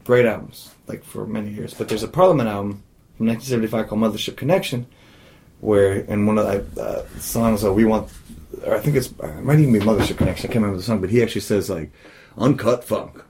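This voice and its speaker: Guy on a comedy podcast rambling quick and matter of fact. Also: fairly low pitch, darkish tone, slight background noise, poor audio. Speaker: podcast co-host.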